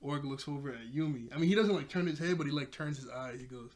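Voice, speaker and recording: Animated young man recapping a cartoon. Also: a little high, fast. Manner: animated, acts out characters' lines, laughs often. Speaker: episode reviewer. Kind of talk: casual spoken episode recap.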